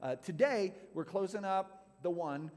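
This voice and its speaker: A man from California talks to a youth group, telling a story from his own life in a loose, chatty way full of "like" and "right?". His voice sits a little high for a man. The sound carries a long hall reverb. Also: measured pace, a little mellow.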